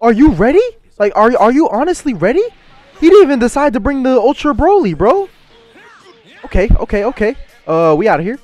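A young man giving excitable gameplay commentary and trash-talking his opponent. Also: extremely high pitch, brisk, faint music behind. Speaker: gaming YouTuber.

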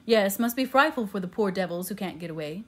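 A woman reading the lines of a gentle older English colonel who speaks quietly and gravely, like a doctor. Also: medium pitch, lively intonation, fairly quick, lightly acted.

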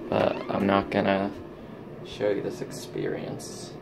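A man's voice: deep voice, completely flat delivery, slow, creaky, background noise. A young man vlogging at home into his phone, rambling from topic to topic and talking to himself. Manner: rambling, self-talking, jumps between topics. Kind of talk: casual rambling vlog. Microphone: handheld phone.

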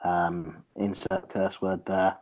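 A man's voice: deep voice, flat delivery, slow pace, a little mellow, highs cut off. A young man streaming a game, swearing and teasing his opponent in casual banter.

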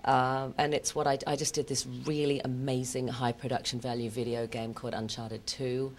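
A woman's voice: extremely low pitch, flat delivery, normal speed. A woman in her thirties, an actress chatting in an interview and telling stories with self-deprecating asides. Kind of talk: casual interview chat.

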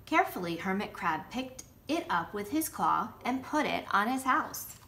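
A woman's voice: mid-range voice, normal speed, slight background noise. A woman reading a picture book aloud. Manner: warm, lively storytelling with asides showing pictures. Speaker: nursery school teacher.

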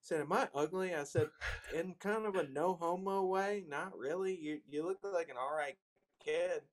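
A man chatting on a video call, telling an animated, profane story with incredulous retelling. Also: fairly high pitch, normal speed. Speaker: video chat stranger. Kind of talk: casual storytelling.

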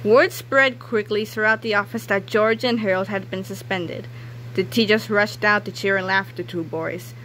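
Lively storybook narrator, woman, bright tone, middle pitch. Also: moderate pace, slight background noise. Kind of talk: children's book read-aloud.

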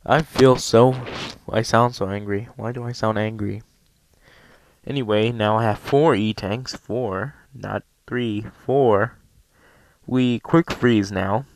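A man's voice: on the low side, steady tone, slow pace, a little hiss or hum. A young man giving casual let's play commentary over a headset, rambling and self-deprecating, with frequent ums.

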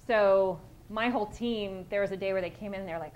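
A woman's voice: medium pitch, fairly quick, lo-fi sound. A woman police sergeant giving a conversational conference presentation, direct and plain-spoken, with frequent restarts.

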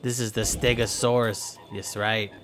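A man voicing a boastful male caveman villain in a slow, menacing put-on voice with broken English, over game audio. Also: fairly low pitch, little pitch movement, fairly bright tone, slight background noise. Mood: gloating. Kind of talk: playful voice acting over gameplay.

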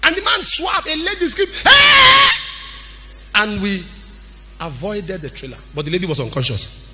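A pastor preaches with a high, bright, forceful voice and big pitch swings, speaking a little fast. He breaks into shouts and slips into a sing-song cadence while soft music plays faintly in the background.

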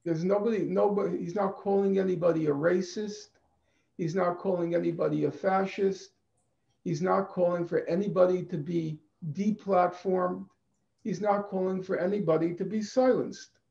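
A man giving a deliberate, emphatic conference talk over a video call, repeating phrases for stress. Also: sits high, steady tone, creaky, mellow. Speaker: conference speaker. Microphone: computer mic on a video call. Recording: echoey, dull video-call audio.

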